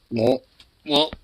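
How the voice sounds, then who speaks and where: A man's voice: sits high, gravelly, bright, forceful tone, breathy edge. A man chatting to his pet dog in teasing baby talk, mixing cooing with swearing. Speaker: pet owner vlogger.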